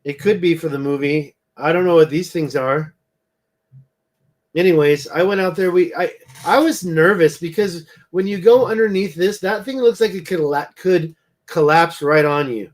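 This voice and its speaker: This man has a somewhat high voice and sounds worn out. He hosts a casual livestream and rambles, thinking aloud as he looks over pictures. He keeps wondering out loud and trailing off. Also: normal speed. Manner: rambling, thinking aloud while browsing photos. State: tired, yawning. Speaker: livestream host.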